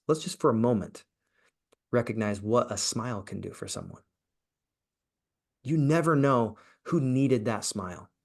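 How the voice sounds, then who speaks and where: Earnest man, low voice. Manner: earnest, restarts often, repeats words. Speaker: podcast guest. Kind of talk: motivational interview talk.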